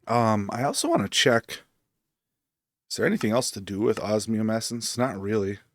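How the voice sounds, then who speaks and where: Low-voiced man casually narrating gameplay. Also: moderate pace, no echo. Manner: relaxed, rambling, thinking aloud with fillers. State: hiccups. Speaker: streamer.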